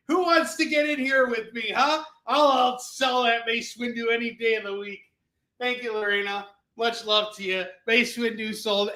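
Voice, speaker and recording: A man hosting a live comic sales show, calling prices and boasting jokingly about his pitches. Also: bright, forceful tone, echoey room. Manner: boastful, joking, rapid item calls.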